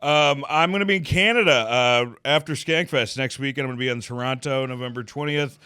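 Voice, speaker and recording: A man's voice: medium pitch, a little fast, sharp tone, clear, resonant tone, no echo, studio quality. An American man co-hosting a podcast, loose and profane, joking at his own expense. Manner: loose, profane, self-mocking. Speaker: podcast co-host. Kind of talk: casual banter.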